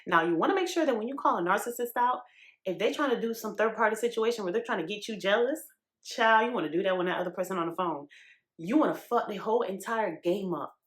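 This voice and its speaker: A woman's voice: medium pitch, fast, roomy sound. A woman from New York hosting a podcast, talking straight to her listeners in a casual, emphatic, slangy monologue. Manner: emphatic and animated, talks straight to the audience with slang. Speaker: podcast host.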